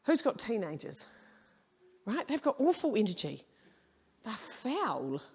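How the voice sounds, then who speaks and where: A woman's voice: a little high, big pitch swings, a little slow, a little mellow, husky. A middle-aged woman giving a humorous keynote talk, brash and storytelling, swearing casually. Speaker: keynote speaker. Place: conference hall.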